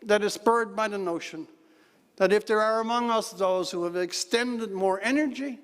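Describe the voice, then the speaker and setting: This fairly high-voiced man from Newfoundland, Canada gives an after-dinner keynote at a moderate pace, spinning wry tales laced with dry humor. Audience laughter rises around him, and the big banquet hall adds a noticeable echo.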